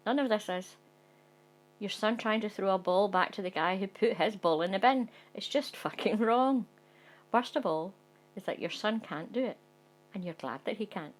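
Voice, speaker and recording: A woman reading a second-person comic short story aloud in a wry, conspiratorial tone that breaks into sweary outbursts of indignation. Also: on the low side.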